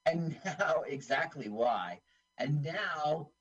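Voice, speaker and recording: Husky lively man, lo-fi sound. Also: on the high side, extremely slow, pauses often. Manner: playful, doing silly put-on voices. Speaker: podcast co-host. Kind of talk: casual watch-along chat.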